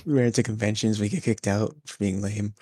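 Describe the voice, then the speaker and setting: Low-voiced young man recapping wrestling. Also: fast talker, no room sound. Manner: excitable recapper, acts out quotes. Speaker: podcast co-host. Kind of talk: casual wrestling chat.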